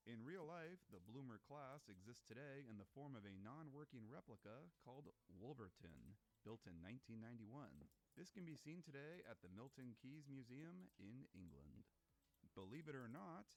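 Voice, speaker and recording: Man narrator, scripted reading, measured and informative, lively pitch.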